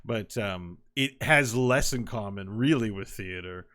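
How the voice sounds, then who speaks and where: A man's voice: lowish voice, unhurried, bright, forceful tone. Digressive male podcast co-host. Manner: digressive, explains at length. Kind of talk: casual chat.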